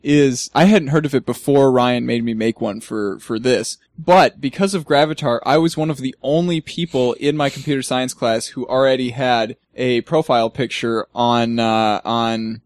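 A young man chatting loosely as a podcast co-host, wandering through his thoughts with lots of fillers and easy laughter. His voice sits at an ordinary middle pitch, and it sounds close and dry, with no room around it. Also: normal speed, hardly any pauses, no room sound. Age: young adult. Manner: rambling, laughs often, many fillers. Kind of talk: casual chat.

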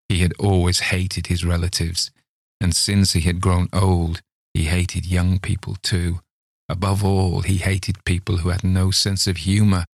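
A man narrates a story in a measured, unhurried way, his voice very low and gravelly. The recording is close and dry, with no room sound. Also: no room sound. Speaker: reader of stories.

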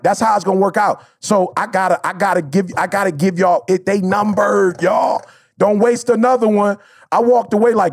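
A man's voice: high-pitched, slightly rough, no echo, clean studio sound. A man co-hosting a podcast, talking in a casual, heartfelt way. He is emphatic and slangy and repeats his points. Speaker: podcast co-host.

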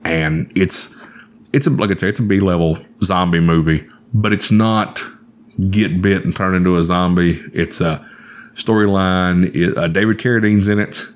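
Deep-voiced man telling stories casually. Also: normal speed. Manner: profane, animated storyteller. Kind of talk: casual storytelling chat.

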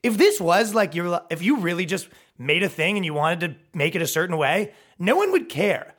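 A man in his thirties holds forth on his podcast in a heated, profane comic rant. His voice sits a bit high and swings widely in pitch. He keeps breaking into quick mocking impressions of other people. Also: very animated, fairly bright tone. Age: 30s. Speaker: podcast host.

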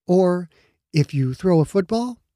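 A man voicing a caring, teasing young woman in an audiobook, gentle and coaxing. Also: high voice, expressive, unhurried, no room sound, clean studio sound, pitched above the performer's own voice. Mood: concerned. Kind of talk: audiobook narration.

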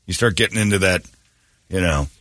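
A man's voice: low-pitched, brisk, a bit bright, no room sound, studio quality. A man hosting a morning radio show, joking and rambling with his co-hosts and laughing often. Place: radio studio.

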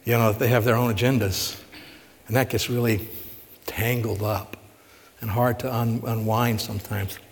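A man's voice: medium pitch, fairly even intonation, normal speed, a little hiss or hum. A male pastor giving a conversational sermon, asking the congregation rhetorical questions and retelling stories with emphasis. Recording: long hall reverb.

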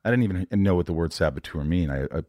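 A man in his forties hosting a podcast, talking in an amped-up, energetic, rambling way. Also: sits low, fast talker, no room sound, studio quality. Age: 40s. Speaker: podcast host. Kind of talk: casual interview chat.

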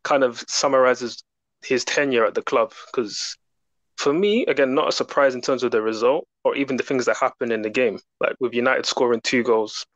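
A man, a podcast guest giving fluent, relaxed football analysis. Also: medium pitch, moderate pace, no room sound, low-quality recording.

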